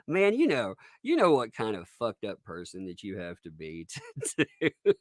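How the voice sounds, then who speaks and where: A man's voice: fairly low pitch, wildly swooping pitch, moderate pace, dry recording, studio quality. A man hosting a livestream commentary, mocking and laughing often as he talks. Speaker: YouTube commentator.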